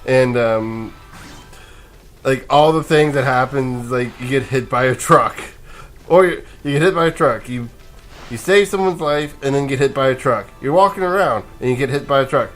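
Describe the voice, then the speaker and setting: A man's voice: mid-range voice, moderate pace, soft background music. Sleepy rambling man playing a game. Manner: rambling, chuckling, restarts mid-sentence. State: sleepy, yawning. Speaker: let's play gamer. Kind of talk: casual gameplay commentary.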